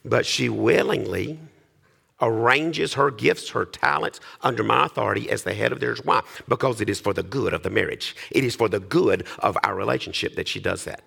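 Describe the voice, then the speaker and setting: A man's voice: fairly low pitch, moderate pace, vocal fry, fairly bright tone, slightly rough. A man preaching a sermon, reading scripture and then explaining it with repetition and asides to the congregation. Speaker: pastor.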